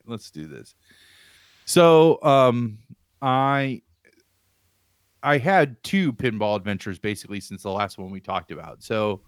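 A man in casual chat, telling an animated, rambling story from his home on a video call. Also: mid-range voice, clean tone, dry recording, studio quality. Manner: animated, rambling, laughs while telling stories. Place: home room with pinball machines.

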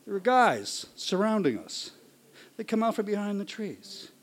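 A man telling a personal story live to an audience, animated and acting out shouts and voices. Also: high-pitched, a little slow.

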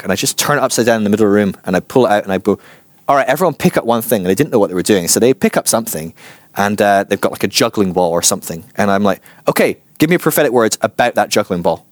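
A man giving an informal church teaching, chatty and animated, acting out voices in his stories. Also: lowish voice, no echo. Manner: chatty, animated, acts out quotes.

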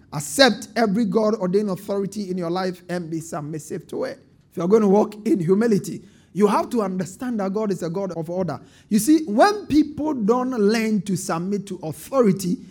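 A man's voice: high voice, breathy edge. A man preaching a sermon as pastor, calling on the congregation to answer and building to emphatic bursts. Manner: call-and-response preaching with rising emphatic bursts.

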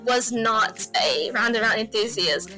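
A woman's voice: fairly high pitch, a little slow, pushed and bright, soft background music. A woman co-hosting a casual fan chat, gushing with lots of fillers and stumbles. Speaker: podcast co-host.

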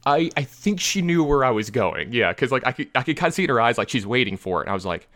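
A man telling a long story in casual podcast chat, rambling, full of filler words and lively retellings. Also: medium pitch, fast talker, hardly any pauses, no room sound.

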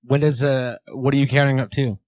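A man's voice: mid-range voice, steady tone, brisk, a little mellow, no echo. A man with a New Zealand accent co-hosting a podcast in casual, playful banter. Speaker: podcast co-host. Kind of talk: casual chat.

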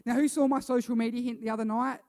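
High-voiced male pastor in a reverberant hall. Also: flat delivery, fast talker, a little mellow. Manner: chatty, repeats himself, asks the congregation questions. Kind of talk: sermon. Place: church hall with a congregation. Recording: long reverb of a church hall.

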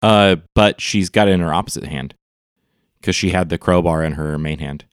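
A man with a low voice playing a tabletop game, pointing out details in a dry, matter-of-fact tone. The sound is close, with little reverb. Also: normal speed, clean tone. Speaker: player. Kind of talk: tabletop role-play chat.

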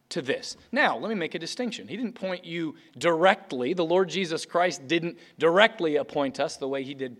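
Man, pastor, sermon, earnest and emphatic, slightly high voice, church. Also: husky. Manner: earnest, emphatic preaching with repeated restarts. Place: church sanctuary.

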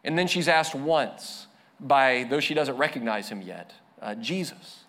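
A man preaching a sermon as a pastor, earnest, slowing down and dropping softer to stress his points. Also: medium pitch, lively intonation.

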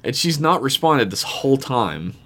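A man co-hosting a casual podcast, recapping a TV episode loosely with swearing and quick character quotes. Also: medium pitch, sing-song, fairly bright tone. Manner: loose, profane, quotes characters in offhand voices. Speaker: podcast co-host.

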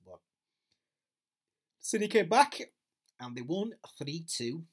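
A man's voice: a little high, very animated, takes it slowly, long pauses. A man talking through a casual monologue as a podcast host, rambling and swearing freely, with plenty of fillers and restarts.

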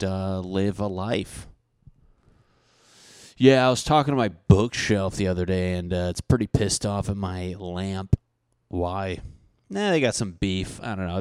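A man hosting a podcast, ranting in a casual, profane and animated comic way into a handheld microphone. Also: deep voice, clear, resonant tone, dry recording. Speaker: podcast host. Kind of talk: casual comedic rant.

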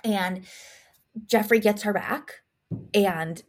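A woman co-hosting a podcast, recapping a horror film in a profane, rambling, animated way. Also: medium pitch, slow pace. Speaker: podcast co-host. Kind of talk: casual horror movie recap.

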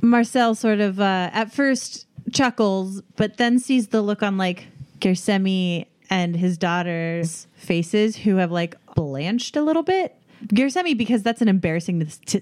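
A woman's voice: fairly low pitch, darkish tone. A woman narrating as game master of a tabletop role-playing game, casual and hesitant with many fillers.

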